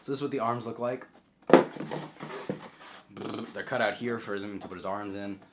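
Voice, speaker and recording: Young guy, lowish voice, rambly casual vlog at home, swears a lot, does goofy sound effects. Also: normal speed, very noisy. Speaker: vlogger.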